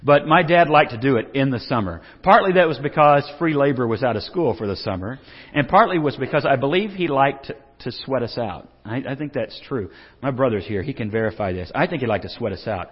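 A middle-aged pastor delivers a humorous sermon in a church sanctuary, joking and telling stories with frequent restarts. His mid-range voice is expressive and fairly quick with a breathy edge. The recording is dull and lo-fi, with long hall reverb.

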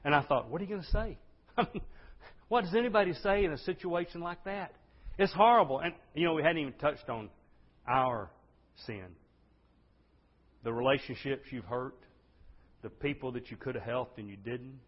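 A man preaching a sermon, swinging between hushed, intimate lines and loud, impassioned outbursts. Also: fairly high pitch, animated, moderate pace, long pauses, breathy edge. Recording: dull sound with long hall reverb.

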